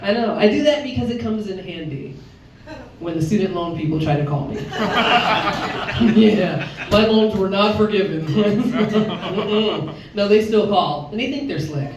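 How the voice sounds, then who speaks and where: A Chicago woman in her fifties works a comedy club stage with a brash stand-up set, her expressive, unhurried voice leaping in pitch as she acts out characters. The dull, echoey recording was made from far off, with faint noise and audience laughter in the background.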